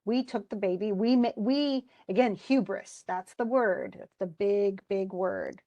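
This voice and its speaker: A woman teaching a class, retelling a play in a lively, casual way with slangy asides. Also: medium pitch, unhurried, muffled recording.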